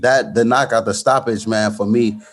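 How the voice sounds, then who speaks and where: A man's voice: fairly low pitch, fairly even intonation, moderate pace. Man recounting a boxing knockout. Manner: many restarts, storytelling, fillers like "you know what I'm saying". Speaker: guest boxer. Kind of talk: casual interview talk.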